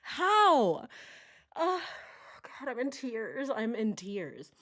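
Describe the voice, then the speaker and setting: Brief: woman true crime vlogger, slow delivery, dry close sound, keeps breaking into disbelieving laughter. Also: on the high side, big pitch swings, fairly bright tone, no echo. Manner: incredulous, laughs often. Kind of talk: casual reaction commentary.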